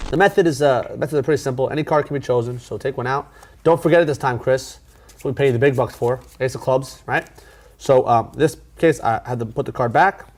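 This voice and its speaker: Here a man teaches a card trick in a laid-back tutorial, restarting sentences and filling pauses often. His mid-range voice moves briskly, with faint music playing in the background.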